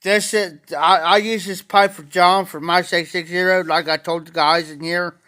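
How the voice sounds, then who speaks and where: A man, chatting slowly and rambling on a livestream from an auction house and greeting viewers by name. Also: high-pitched, fairly even intonation, pushed and bright. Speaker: pipe-smoking livestream host. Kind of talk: casual livestream chat to viewers. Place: auction house, former bar room.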